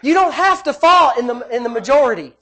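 Preacher giving a sermon, gets loud then drops way down low, drags out the big words, keeps asking the congregation stuff. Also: animated. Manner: swings between loud emphatic bursts and soft low asides; drawn-out emphasis on key phrases.

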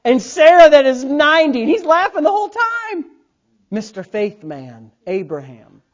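A male pastor in his thirties delivers a sermon with a storyteller's energy at a moderate pace. He drops to near-murmurs for asides, then leaps up loud and high, with laughing bursts, as he acts out the people in his stories, and the recording sounds somewhat dull and lo-fi.

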